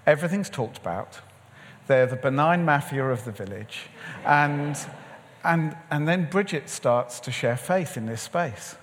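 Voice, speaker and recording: A man's voice: fairly high pitch, expressive, unhurried, slight background noise. A middle-aged man preaching a sermon, telling a personal story in a conversational way and acting out the dialogue. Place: large church or event hall. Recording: long hall reverb.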